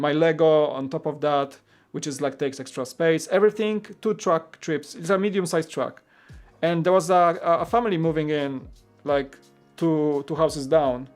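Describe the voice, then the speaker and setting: A man's voice: a little high, darkish tone. Chatty man rambling on a live stream. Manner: rambling, chatty, many filler words; reads and greets viewer comments. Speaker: live-stream host building a toy set. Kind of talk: casual live-stream chat.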